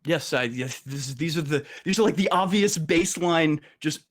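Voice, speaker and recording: A man talking as a guest on a casual political talk show, halting and restarting often. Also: on the high side. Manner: halting, many restarts and fillers.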